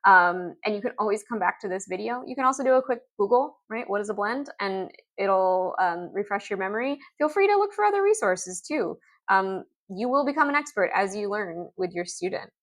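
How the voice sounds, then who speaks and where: A woman explaining reading lessons in an upbeat instructional video, sounding out letters and words slowly. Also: mid-range voice, expressive. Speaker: literacy teacher.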